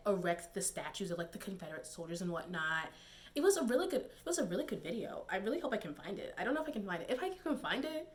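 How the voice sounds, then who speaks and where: Chatty young woman vlogging. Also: lowish voice. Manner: animated, digressive, laughs often, many fillers. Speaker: YouTube commentator. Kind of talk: casual commentary vlog.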